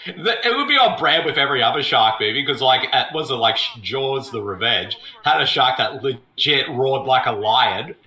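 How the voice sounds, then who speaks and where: A man's voice: mid-range voice, lively intonation, normal speed, pushed and bright, roomy sound, low-quality recording. A man co-hosting a comedy podcast, riffing on a movie and slipping into silly voices. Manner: goofy, improvises voices, laughs often. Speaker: podcast co-host.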